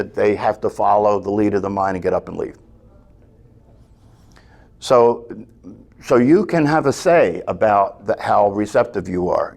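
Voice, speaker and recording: A man's voice: medium pitch, vocal fry. A man teaching a meditation class, talking earnestly, often checking in with "right?" and restarting his phrases.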